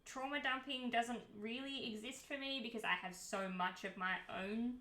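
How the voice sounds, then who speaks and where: A woman streamer chats casually and candidly with her viewers, sometimes getting heated and swearing freely. Her voice is fairly high, bright, and forceful at a normal speed, and the recording has a roomy echo.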